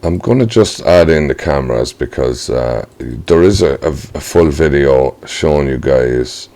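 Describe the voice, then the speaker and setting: Very low-voiced man with a gravelly edge, casual software tutor who thinks aloud and apologizes for his slips. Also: animated, measured pace. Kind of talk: screen-recorded software tutorial.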